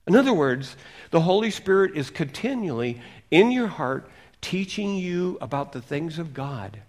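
A middle-aged man with a notably high voice preaches a sermon. He reads scripture with strong emphasis, then falls back to hushed, conversational asides. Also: big pitch swings, normal speed. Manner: emphatic, swings between loud readings and hushed asides. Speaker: pastor.

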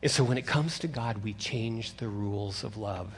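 An older man preaching a sermon as pastor, conversational and animated, teasing his congregation. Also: on the low side, normal speed, slightly rough.

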